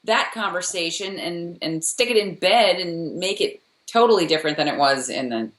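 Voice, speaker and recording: A woman co-hosting a casual TV recap podcast, chatting with quick asides. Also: fairly low pitch, lively intonation. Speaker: podcast co-host. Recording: roomy echo.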